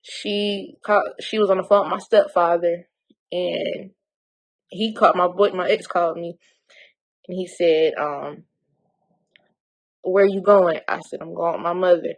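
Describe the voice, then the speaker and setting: A woman's voice: on the low side, steady tone, measured pace, gravelly, pauses often, rough recording. A young woman from North Carolina, telling an emotional storytime vlog bluntly while holding back tears. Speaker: vlogger.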